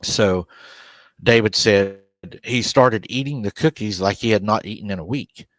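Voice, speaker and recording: A man's voice: on the low side, moderate pace, no echo. A man hosting a live show, casually retelling a story with quoted dialogue and laughing often. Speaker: podcast host.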